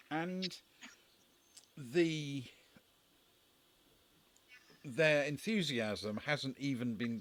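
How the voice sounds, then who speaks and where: A man's voice: fairly low pitch, fairly bright tone. A man acting as game master, narrating a tabletop game in a hesitant way with many restarts.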